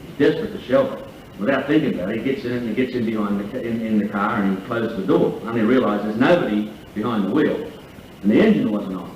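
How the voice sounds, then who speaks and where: In a large function room at a lunch, the emcee does stand-up, telling jokes and a drawn-out, profane tall tale. He speaks quickly in a lowish voice, and the distant capture sounds echoey and dull, with a little hiss or hum.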